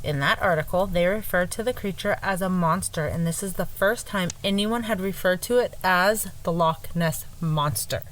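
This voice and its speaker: A woman co-hosting a podcast who tells a story casually from her notes, chatty and quick to correct herself and laugh it off. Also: fairly low pitch, a bit bright, poor audio. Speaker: podcast co-host.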